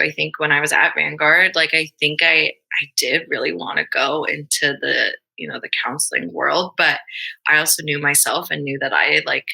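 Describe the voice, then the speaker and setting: A young woman teacher talking haltingly about her own life in an interview, with many fillers and restarts. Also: low voice, animated, vocal fry, sharp tone, husky, low-quality recording. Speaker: guest, middle school teacher. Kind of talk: emotional personal interview.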